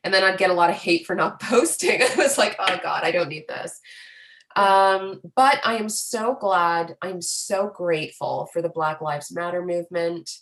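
A young woman from Canada, an influencer speaking candidly and earnestly in an interview, animated, with plenty of fillers. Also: fairly low pitch, normal speed, hardly any pauses. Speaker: guest, influencer.

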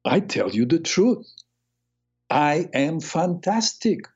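A man's voice: on the high side, big pitch swings, slow pace, darkish tone, slightly rough, muffled recording, pitched above the performer's own voice, exaggerated voice. A man quoting a cheerful, blunt Italian-accented male hairdresser in an emphatic, plain-spoken way. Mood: insistent.

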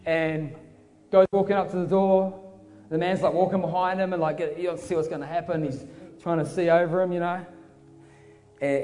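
A man preaching a sermon in a fervent, casual storytelling manner. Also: a little high. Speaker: pastor. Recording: reverberant hall with soft music.

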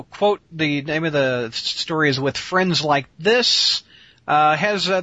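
A man's voice: a little high, sharp tone, dry recording, highs cut off. A man co-hosting a casual chat, asking questions and reading out notes. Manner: asks questions, reads out notes. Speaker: podcast co-host.

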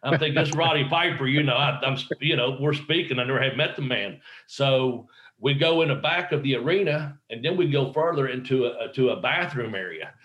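A man of middling pitch tells a long backstage anecdote from his wrestling days. He talks casually and rambles, with plenty of fillers and restarts. He acts out the voices of the people he quotes. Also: a little fast, fairly bright tone, lo-fi sound. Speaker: professional wrestler guest.

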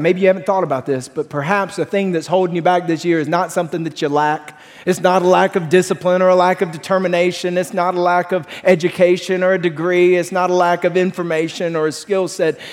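A man preaching a sermon as pastor, energetic and telling stories with voiced quotes. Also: a little high, in a large hall. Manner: energetic, storytelling with acted quotes.

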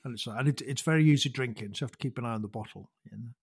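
A man with a slightly husky, mid-pitched voice chats easily as a podcast guest. He is self-deprecating and laughs often, stumbling over repeated words. The sound is dry and close. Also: racing, dry recording. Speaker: guest, former gamekeeping organisation chairman. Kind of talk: casual podcast chat.

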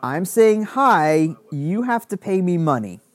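A man's voice: high voice, sing-song, slow pace, no room sound, pitched above the performer's own voice, full character voice. A man doing a casual Boba Fett. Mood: nonchalant. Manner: casual, offhand paraphrase. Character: calm male bounty hunter offering protection.

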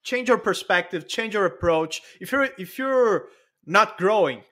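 Slow, high-voiced male host. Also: animated, sharp tone. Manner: laughing, encouraging, slow-spoken. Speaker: interview host. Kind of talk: casual interview chat.

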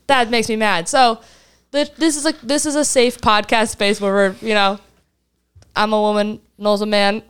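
A young woman co-hosts a casual chat show and talks with heat and emphasis, breaking into laughter now and then. Her voice is smooth and clear, at a middling pitch for a woman. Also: steady tone, moderate pace. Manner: heated, emphatic, laughs often. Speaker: podcast co-host.

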